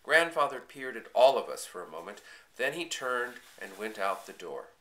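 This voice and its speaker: Lively, bright-voiced male storyteller. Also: lowish voice, moderate pace. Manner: expressive first-person narration. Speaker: audiobook reader. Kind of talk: storybook reading.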